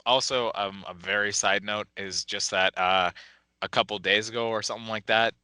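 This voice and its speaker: Podcast co-host, male, sharp bright tone, hesitant casual chat. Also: fairly low pitch, steady tone, normal speed, smooth, no echo. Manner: hesitant, laughs often.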